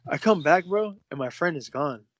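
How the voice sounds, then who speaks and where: A man's voice: on the high side, lively intonation, moderate pace, dry recording, muffled recording. A young man co-hosting a casual podcast, telling a story with lots of swearing and acting out the dialogue he quotes. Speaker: podcast co-host. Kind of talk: casual chat.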